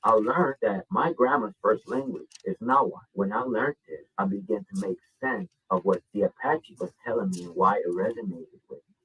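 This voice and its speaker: A middle-aged man from Mexico telling a personal story in an animated, sarcastic way and acting out the quoted lines. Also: fairly low pitch, normal speed, vocal fry, breathy edge. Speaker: commentator in a reaction clip. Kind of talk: storytelling monologue. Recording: muffled phone-like sound from a distance.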